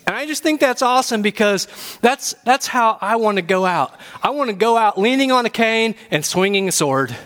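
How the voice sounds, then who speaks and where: Speaking at a normal speed with a notably high voice, a pastor preaches to his church. He is animated and humorous, building up to emphatic points.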